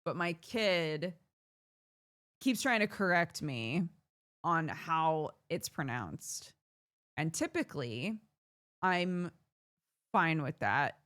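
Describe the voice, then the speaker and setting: A woman's voice: deep voice, very animated, slow pace, pauses often, fairly bright tone. An American woman streamer chatting casually with viewers, laughing often as she talks. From United States.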